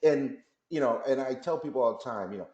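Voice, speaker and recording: A man's voice: mid-range voice, fairly quick, roomy sound, lo-fi sound. A man guest on a talk radio interview, telling a story casually and acting out the back-and-forth dialogue. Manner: lively storyteller who acts out dialogue. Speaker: company executive guest.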